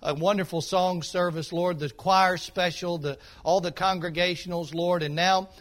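A male pastor preaching a sermon, telling a folksy, animated story and calling out to the congregation. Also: high voice, moderate pace.

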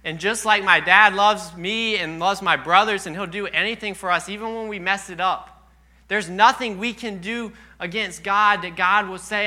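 A man's voice: sits high, normal speed, pushed and bright. A young man preaching a sermon in a church, telling earnest personal stories, at times choked up.

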